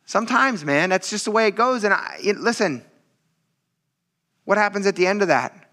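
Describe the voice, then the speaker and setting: Man, pastor, sermon, animated storyteller, high voice, bright tone. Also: normal speed. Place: church.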